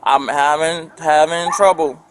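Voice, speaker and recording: A man's voice: a little high, fairly even intonation. A young man, telling police his side of a fight on bodycam, rambling and restarting often. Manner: rambling, halting, many restarts. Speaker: complainant talking to police. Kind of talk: bodycam conversation. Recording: bodycam audio with crowd noise.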